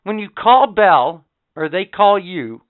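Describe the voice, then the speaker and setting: A man's voice: high voice, very animated, slow pace, dry recording. A man co-hosting a casual podcast chat, telling stories in an angry, profane rant. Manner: profane, ranting storyteller. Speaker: podcast co-host. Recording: tinny phone-like sound.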